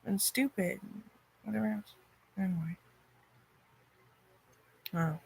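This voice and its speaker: A woman in a rambling personal monologue, cursing often, her loudness swinging from loud outbursts to near-murmurs. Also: mid-range voice, fairly even intonation, slow pace, gravelly, husky, no echo.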